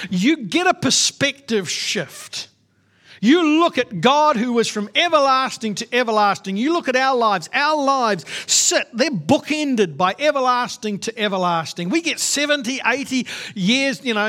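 Man, high-pitched voice, pastor, sermon, emphatic, repetitive, conversational. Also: pushed and bright.

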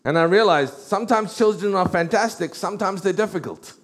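A middle-aged man preaching a sermon, animated and storytelling, slowing down to read scripture. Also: sits high.

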